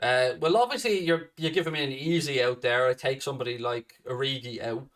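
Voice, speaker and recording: A man's voice: mid-range voice, a little fast, a bit bright, far from the mic. A man hosting a fan channel, answering viewer questions in a blunt, sweary, casual chat.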